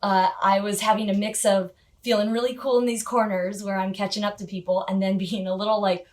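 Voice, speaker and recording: Casting: woman motorcycle vlogger, mid-pitched voice, chatty storyteller who laughs easily. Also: flat delivery, brisk. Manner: chatty, frequent little laughs and filler words. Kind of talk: casual storytelling to camera.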